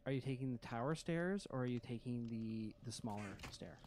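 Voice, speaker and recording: A man running a tabletop game as game master, narrating in a slow, halting way with many pauses. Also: mid-range voice, animated. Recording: loud background noise.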